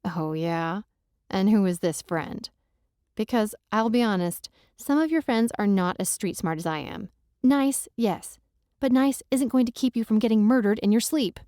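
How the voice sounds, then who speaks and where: A woman's voice: mid-range voice, moderate pace, dark tone, dry recording, clean studio sound, lightly acted. A woman narrator voicing a protective, wisecracking married friend who is blunt, teasing and insistent, in audiobook dialogue. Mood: insistent, worried.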